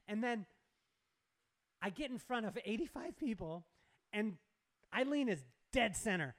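A man's voice: high voice, expressive, normal speed, long pauses, fairly bright tone. A man telling a story with animation in a casual chat, acting out dialogue and laughing often. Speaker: guest speaker.

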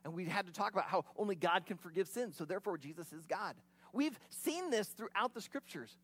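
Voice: medium pitch, expressive, fairly quick, breathy edge. A preacher giving an expository sermon, retelling the scene in a vivid, conversational way with casual asides.

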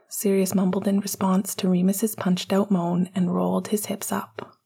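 A woman reading a romance chapter aloud in a hushed, intimate whisper. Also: mid-range voice, flat delivery, moderate pace, creaky, slightly rough. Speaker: audiobook narrator. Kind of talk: whispered narration.

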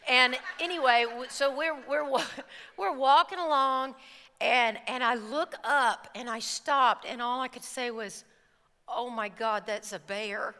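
A woman preacher telling an animated personal story in a sermon, acting out the scenes before turning to scripture. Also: high voice, a little slow. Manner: animated storytelling, acts out screams and quotes. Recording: reverberant hall.

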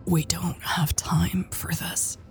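Woman doing a croaky, impatient injured woman. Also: fairly low pitch, slow, dark tone, faint music behind, exaggerated voice. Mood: impatient urgent.

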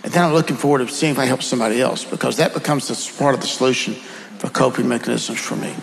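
A man's voice: mid-range voice, quick pace, vocal fry, in a large hall, low-quality recording. A man with a Southern accent, telling earnest, folksy stories as a guest in a conversation. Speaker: guest speaker. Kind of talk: conversational storytelling.

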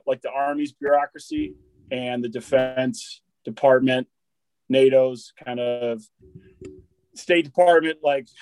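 A man's voice: medium pitch, darkish tone, no echo. Rambling, cursing guy, dry close sound. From Wisconsin, US. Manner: rambling, swears freely, repeats and restarts words, says dude and bro. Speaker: military veteran guest. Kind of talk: casual storytelling conversation.

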